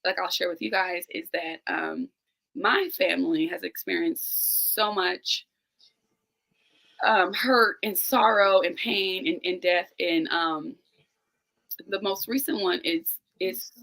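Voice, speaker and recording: Woman in her thirties, low gravelly voice, bright forceful tone, earnest and emotional, near tears. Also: slow, low-quality recording. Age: 30s. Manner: earnest, emotional, addresses listeners directly. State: close to tears. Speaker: guest, teacher and business owner. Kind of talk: candid personal conversation. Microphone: remote live-stream call.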